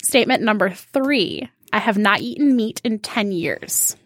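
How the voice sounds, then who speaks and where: A woman's voice: mid-range voice, lively intonation, measured pace, dry recording. A woman guest chatting casually on a podcast, telling stories with a laugh in her voice. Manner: chatty storyteller, laughs often. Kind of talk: casual chat.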